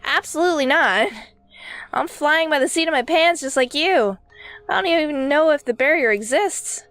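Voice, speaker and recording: A woman's voice: high voice, moderate pace, a bit bright, no echo, voice pushed up. Woman reading a weary, offhand dream wanderer. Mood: matter-of-fact.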